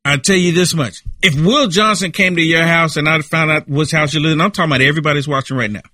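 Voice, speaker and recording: A man's voice: on the high side, fast talker, pushed and bright, no echo, studio quality. A man giving impassioned political commentary in an emphatic, repetitive, preaching way.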